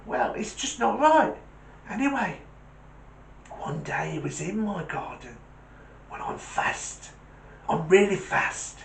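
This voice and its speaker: A man's voice: sits high, sing-song, slow pace, creaky, long pauses, fairly bright tone, roomy sound, slight background noise, voice pushed up, heavily acted. A man voicing a small, nervous male terrier dog who stammers defensively in a joke. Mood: anxious.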